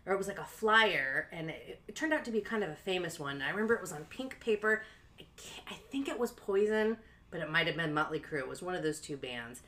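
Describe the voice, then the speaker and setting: Animated woman telling a wild story. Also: a little fast. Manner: animated, laughing, acts out quotes in a high voice; frequent "like" fillers. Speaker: podcast co-host. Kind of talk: casual storytelling chat.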